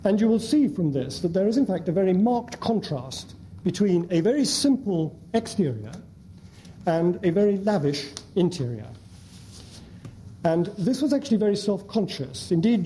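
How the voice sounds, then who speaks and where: A man lecturing an audience in a measured way, with frequent hesitant fillers. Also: sits high, big pitch swings, dark tone, a little hiss or hum. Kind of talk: academic lecture with slides. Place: lecture hall before an audience.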